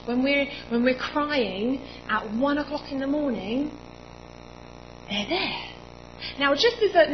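A woman in her twenties preaching in a church, telling a personal story in a chatty, animated way with lots of quoted dialogue. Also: fairly high pitch, dull audio, background noise. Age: 20s.

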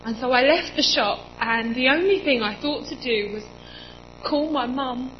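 A woman in her twenties preaching in a church, telling a personal story in a chatty, animated way with lots of quoted dialogue. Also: high-pitched, normal speed, lo-fi sound, slight background noise. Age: 20s.

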